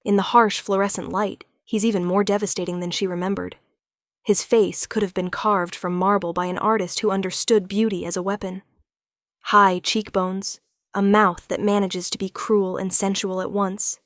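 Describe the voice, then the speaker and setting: A woman narrating a scripted romance story in a measured, dramatic storytelling style, recorded on a close mic. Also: mid-range voice, flat delivery, dry recording.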